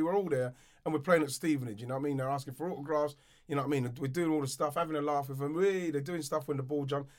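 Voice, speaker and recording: Animated man telling a story. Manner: animated anecdotes, repeats words, drops low for quotes. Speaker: podcast co-host, former footballer. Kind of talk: casual storytelling chat.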